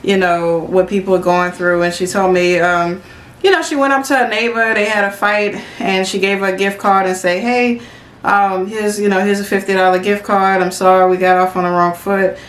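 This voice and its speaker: A woman co-host chatting casually, spinning a long story with plenty of fillers and quoted back-and-forth. Her voice sits in a comfortable middle pitch. The room around her rings with a roomy echo. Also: fairly even intonation, normal speed. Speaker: podcast co-host. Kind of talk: casual chat.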